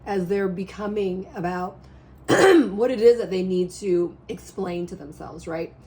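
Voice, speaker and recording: A woman's voice: on the low side, a little slow, slight background noise. Rambling woman giving a tarot reading. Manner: rambling, animated, checks in with "okay?" and "right?". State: a little hoarse. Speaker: tarot reader. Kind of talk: casual spiritual reading to camera.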